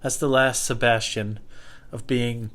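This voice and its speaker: Young man, comedian, rambling monologue, profane, self-deprecating, lots of fillers, loud high voices for quotes. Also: flat delivery, a little slow. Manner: breaks into loud high put-on voices when quoting people. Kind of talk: rambling stand-up style monologue.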